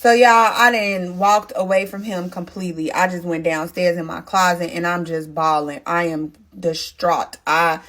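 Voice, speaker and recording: A woman vlogger narrating a personal story to her viewers in a casual, emotional, animated way, often talking to them directly. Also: on the low side, moderate pace, few pauses.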